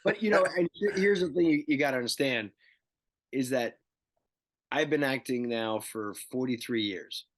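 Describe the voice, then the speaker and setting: A man in his fifties, a guest actor in a casual interview, telling animated stories and acting out the dialogue. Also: medium pitch, moderate pace, dry recording. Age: 50s. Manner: animated storyteller who acts out dialogue.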